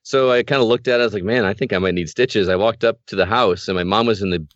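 A man in relaxed casual chat, telling a story and laughing as he goes. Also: on the low side, quick pace, no echo. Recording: dry muffled sound.

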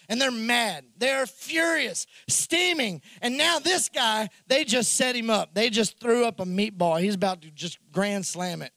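A man preaching a sermon in an animated way, acting out the characters' lines in the story. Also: high voice, normal speed, hardly any pauses, no echo. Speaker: pastor.

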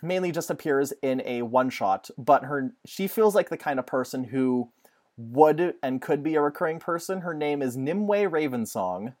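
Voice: medium pitch, lively intonation, normal speed, darkish tone. A podcast co-host chatting casually, rambling with enthusiasm and lots of fillers. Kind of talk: casual chat.

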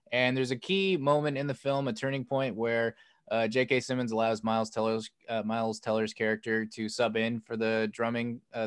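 Recounting a movie's plot in casual podcast chat, this male co-host has a clear, resonant, medium-pitched voice with no room sound. His telling is loose and rambling, thick with "like" and "um," and he raises his voice when acting out quotes.

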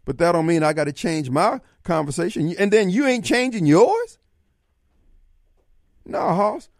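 A man's voice: high-pitched, animated, a little slow, dry recording, studio quality. A man hosting a call-in talk radio show, blunt and streetwise in his delivery.

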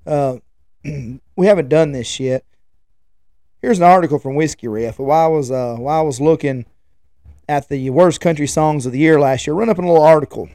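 Rambling and chatty, this 40-something podcast host tells casual stories that restart and trail off. His voice runs on the high side with a dark tone, at a moderate pace, and the recording has no echo.

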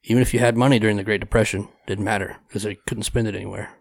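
Man, gravelly, low voice, blunt, crude, wry, dry close sound, podcast chat. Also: fairly even intonation, racing, no room sound. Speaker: podcast co-host. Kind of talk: casual chat.

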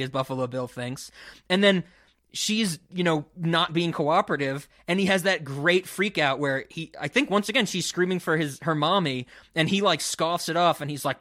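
Guy cohosting a movie podcast, hyped, bright voice, dry mic. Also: a little high, moderate pace, dry recording. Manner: enthusiastic, quotes lines in put-on voices. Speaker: podcast co-host. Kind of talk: casual film discussion.

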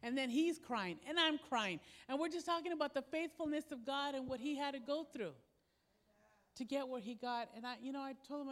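A woman's voice: high-pitched, a little fast, a bit bright. A woman pastor preaching a sermon, telling a personal story in a conversational way and acting out the dialogue. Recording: long hall reverb.

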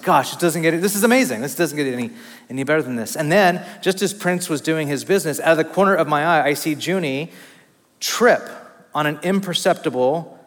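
A man in his thirties preaching a conversational sermon, an animated, self-deprecating storyteller with casual fillers. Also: on the high side. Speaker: pastor. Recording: long reverb of a large hall.

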